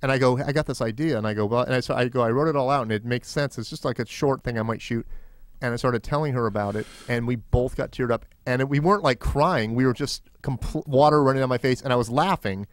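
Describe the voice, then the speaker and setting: Guy, animated jokey anecdotes, mid-pitched voice, dry close mic, podcast banter. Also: fast talker, dry recording. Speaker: podcast co-host. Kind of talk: casual comedy podcast chat.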